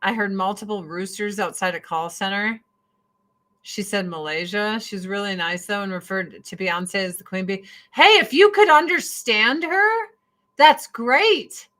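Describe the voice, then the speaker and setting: A woman from the United States talks straight to her stream viewers in a loose, blunt rant. She swears freely and hops from one topic to the next. Her voice is bright and forward, with a mid-range pitch. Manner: blunt, profane, jumping between topics. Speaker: livestream host.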